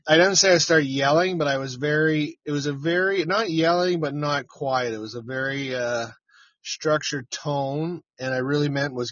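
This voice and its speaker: A middle-aged man, a chicken farmer, rambles through a casual live stream from his parked truck, cursing freely and calling out viewers by name. His voice sits at an ordinary pitch, and the audio is dry and a little dull, as if caught inside the cab. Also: steady tone, normal speed, a bit bright, no echo.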